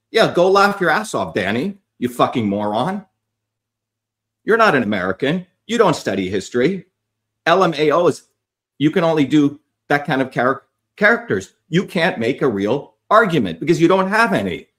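Middle-aged guy yelling a sweary rant at his followers, pitch jumping all over. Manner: profane, shouting insults at commenters. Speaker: online commentator. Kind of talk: angry rant to viewers.

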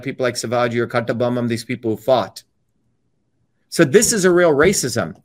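Combative man with a raised pitch. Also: a bit bright. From India. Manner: combative, repetitive, emphatic. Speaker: speaker giving a political talk. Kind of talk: impassioned monologue.

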